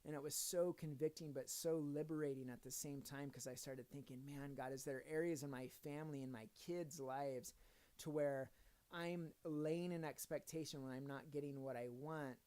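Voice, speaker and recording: A man in his thirties or forties, a father and Christian video speaker, gives a casual devotional talk. His fairly high, dark-toned voice moves at normal speed with fairly even intonation, and he tells stories earnestly while slipping in joking asides.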